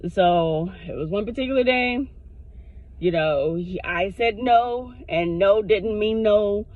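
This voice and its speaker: A woman vlogger telling a personal story to her camera in a frank, animated way, swearing freely. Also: medium pitch, takes it slowly. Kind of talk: casual storytime monologue. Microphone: self-recorded on camera. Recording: dull lo-fi sound.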